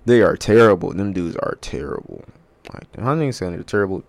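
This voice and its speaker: Young guy ranting about sports, low voice, swings way up and down, cusses a lot. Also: brisk. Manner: animated, profane, rambling. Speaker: sports podcast host. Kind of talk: casual sports rant.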